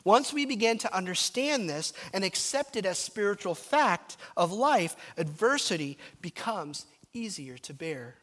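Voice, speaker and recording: A man's voice: high-pitched, a little slow, hardly any pauses. A man preaching a sermon, telling stories and dropping to a murmur at times. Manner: animated, storytelling, drops to a murmur at times. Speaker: pastor. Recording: reverberant hall.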